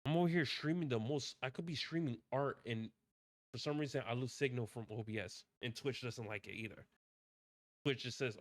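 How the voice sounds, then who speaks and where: A man's voice: medium pitch, brisk, dry recording. A male streamer talking casually in a rambling rant, repeating himself, swearing often and restarting his sentences.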